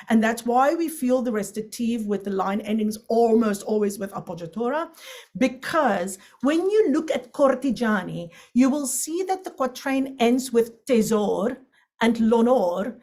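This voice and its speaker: A woman teaching an online opera lesson, explaining with quick asides and breaking into sung and recited Italian examples. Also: on the high side, darkish tone.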